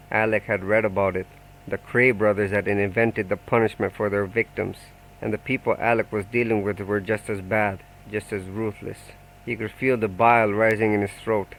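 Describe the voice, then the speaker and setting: A man reading a novel aloud in steady, measured audiobook narration. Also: fairly low pitch, gravelly, rough recording.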